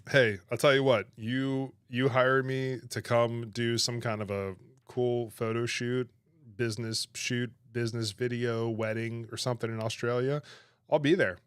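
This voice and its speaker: A man chatting on his livestream, animated and laughing, protesting in exaggerated disbelief. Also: medium pitch, a little slow, clear, resonant tone, no room sound, studio quality. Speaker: streamer reacting to chat. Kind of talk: casual livestream chat.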